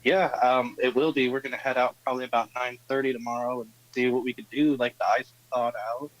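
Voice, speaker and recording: A man's voice: medium pitch, fairly even intonation, fast talker, rough recording. A middle-aged man who is a guest on a casual podcast, chatting in an easygoing, joking way.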